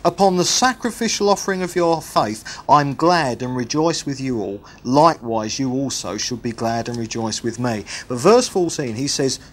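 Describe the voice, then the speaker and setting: A man preaching a sermon, teaching with repetition and humorous asides. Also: medium pitch.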